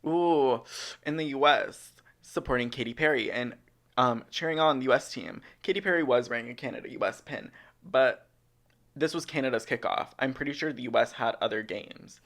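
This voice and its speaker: A man's voice: mid-range voice, normal speed, fairly bright tone. A young man co-hosting a podcast in casual chat, rambling and chatty with lots of ums. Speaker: podcast co-host. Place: podcast studio.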